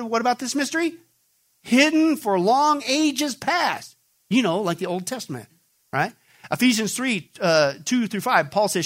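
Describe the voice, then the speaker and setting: Male preacher with a high voice, emphatic and driving, full of rhetorical questions. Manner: emphatic, rhetorical questions, animated pitch swings. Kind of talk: sermon.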